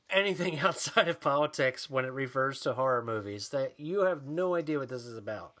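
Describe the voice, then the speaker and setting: A man's voice: fairly high pitch, expressive, normal speed, fairly bright tone. A man co-hosting a podcast in casual, profane chat, ranting and mocking people in put-on voices. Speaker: podcast co-host.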